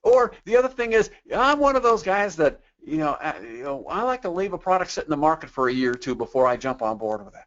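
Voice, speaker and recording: A man with a high voice teaches a sales webinar. He talks conversationally, leans on rhetorical questions and slips into quoted customer voices. The audio is dull and lo-fi. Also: sing-song, fast, few pauses. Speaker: sales trainer. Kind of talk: webinar sales training talk.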